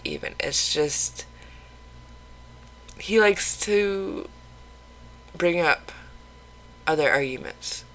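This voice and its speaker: A vlogger talking openly in a casual confessional video, rambling with halting restarts and casual swearing. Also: medium pitch, fairly bright tone, rough recording. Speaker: mental health vlogger.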